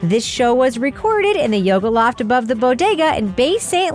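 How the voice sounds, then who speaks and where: Chatty woman podcast host, bright voice. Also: sits high, sing-song, faint music behind. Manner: chatty, enthusiastic, quick asides. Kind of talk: casual podcast chat and outro. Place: home studio.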